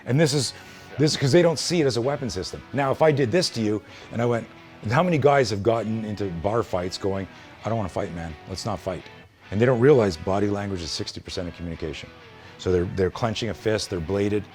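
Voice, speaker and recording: A man's voice: on the low side, fast talker, darkish tone, faint music behind. A man teaching self-defense in a hands-on demonstration, blunt and emphatic with plenty of swearing.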